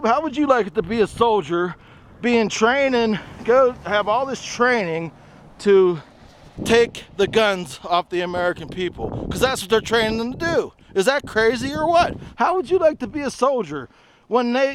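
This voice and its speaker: A middle-aged man vlogging outdoors on a trail, delivering an angry, rambling political rant to camera that rises into shouting. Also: high voice, a little hiss or hum. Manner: ranting, shouting, rambling and repetitive.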